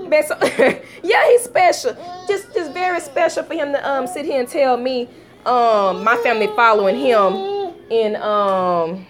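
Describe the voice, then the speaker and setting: A woman casually telling a storytime vlog at home, acting out quotes with sudden pitch jumps and breaking off to talk to her young children. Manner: talks to her toddlers between story bits. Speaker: vlogger.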